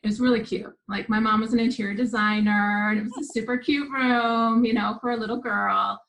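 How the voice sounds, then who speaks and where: A woman's voice: on the high side, steady tone, fairly quick, creaky, fairly bright tone, slight background noise, rough recording. A woman guest telling a personal story in an interview, earnest and vivid, with frequent restarts. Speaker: guest, spiritual teacher.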